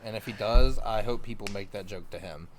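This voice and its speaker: A man hosting a podcast in a laid-back, casual way, often laughing along with his guest. His voice sits fairly low. There is a faint hiss in the background. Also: a little fast. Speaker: podcast host. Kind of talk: casual chat.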